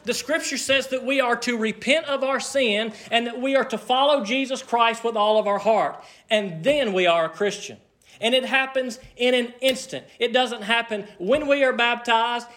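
With a high, bright voice, a pastor delivers a sermon from the pulpit. He hammers his points home emphatically, slowing into deliberate pauses to give them weight.

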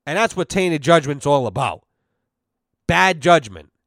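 A brash young man spins profane stories on his podcast, acting out both sides of every exchange. His voice sits a bit high for a man, and it comes through close and dry with no room sound. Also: a little slow, no room sound. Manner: brash, animated, heavy swearing, acts out quoted exchanges. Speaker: podcast host. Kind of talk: profane storytelling chat.

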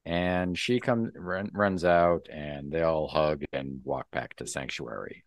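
Slow, deep-voiced man recapping comics. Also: no room sound. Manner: relaxed, rambling, full of ums and laughs. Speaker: podcast co-host. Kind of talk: casual chat recapping a comic book.

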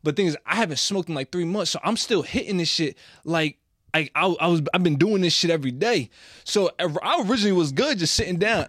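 A man's voice: high-pitched, dry recording. A young man telling a rambling, profane party story in casual chat with friends, acting out the voices he quotes. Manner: animated, swearing, acts out quoted voices.

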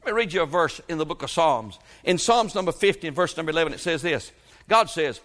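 A man preaching a sermon, his voice bright and pitched a little high. He tells homely stories and calls out amens as he goes. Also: expressive, quick pace. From South Georgia, US. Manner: folksy storytelling with frequent amens. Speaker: pastor.

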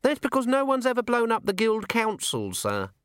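Guy putting on a jumpy young dwarf alchemist, squeaky high, polite and hesitant, audiobook voice. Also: huge pitch swings, normal speed, a bit bright, smooth, no echo, studio quality, full character voice. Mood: nervous, earnest. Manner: hesitant, polite, keeps adding sir. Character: nervous young dwarf alchemist, eager, earnest. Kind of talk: audiobook character voice.

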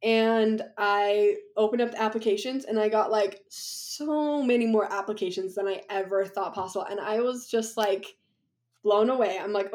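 A woman's voice: medium pitch, steady tone, moderate pace, darkish tone. A young woman talking as a podcast guest in a chatty, rambling way, laughing often. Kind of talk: casual conversation.

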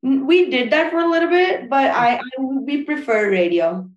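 A woman's voice: sits high, normal speed, roomy sound, dull audio. A woman wedding planner chatting casually in an interview, with many fillers and restarts. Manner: relaxed, frequent fillers and restarts.

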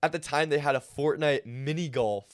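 A man's voice: a little high, normal speed. Laid-back young man, slangy podcast chat. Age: young adult. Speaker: podcast co-host. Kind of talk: casual chat.

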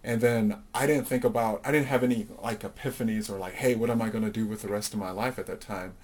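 A middle-aged man with a low voice recounts his life story as an interview guest. He talks reflectively, with plenty of fillers, and gives the people he quotes voices of their own. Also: fairly even intonation, fast, a little mellow.

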